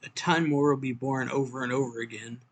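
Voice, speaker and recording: A man's voice: mid-range voice, fairly even intonation, fairly quick, natural voice. A man reading as a cold, threatening killer. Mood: curt. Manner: curt, dismissive threats.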